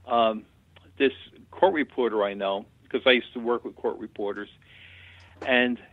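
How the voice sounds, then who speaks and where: Over a tinny, dry phone line with no echo, a man who works as a medium speaks in a mid-range voice. As an interview guest, he tells chatty, plain-spoken anecdotes.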